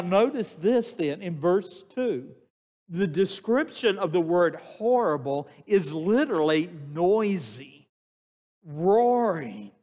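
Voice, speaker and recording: An older man preaching a sermon, slow and emphatic, putting questions to the congregation. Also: a little high. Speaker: pastor. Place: church sanctuary. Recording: long church reverb, voice sometimes off mic.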